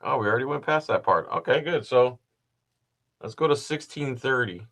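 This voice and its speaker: A man with a bright, forward voice talks through a video in a loose, meandering way. He drops dry, sarcastic remarks as he goes, casual and unscripted. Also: medium pitch, animated, moderate pace. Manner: rambling, sarcastic asides. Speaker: host.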